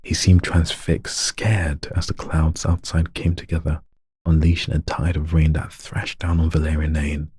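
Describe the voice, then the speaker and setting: Guy reading a story out loud, deep husky voice, keeps redoing lines n joking about it. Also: little pitch movement, unhurried, dry recording. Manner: stumbles and retakes lines, joking with himself. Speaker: story narrator.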